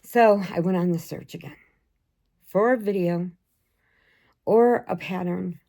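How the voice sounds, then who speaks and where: Chatty older woman with a gravelly voice. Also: on the low side, measured pace, dark tone. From Chicago area. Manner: chatty, rambling, laughs often. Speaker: crochet vlogger. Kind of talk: casual chat to camera.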